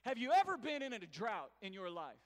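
In a church sanctuary, a high-voiced pastor gives a brisk, animated sermon, with the congregation responding to his calls. The long reverb of the church hall is clearly audible.

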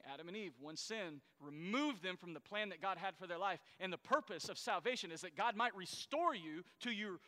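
A man preaching a sermon as pastor, swinging between loud emphatic lines and quiet asides to the congregation. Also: high-pitched. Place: church sanctuary. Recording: echoey hall reverb.

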